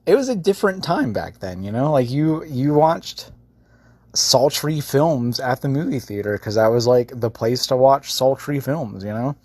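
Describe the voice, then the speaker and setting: Dude rambling into a phone voice memo, swears a lot, giggles, dry close sound. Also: male voice, medium pitch, animated, normal speed, darkish tone, dry recording. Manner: casual, profane, giggly storytelling. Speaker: vlogger. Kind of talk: rambling voice-message monologue. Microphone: phone voice message.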